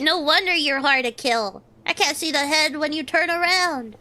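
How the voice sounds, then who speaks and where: A woman's voice: high-pitched, moderate pace, slight background noise. A woman streaming a shooter game, chatting casually, swearing and yelping at the action. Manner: excitable, swears and yelps at the game.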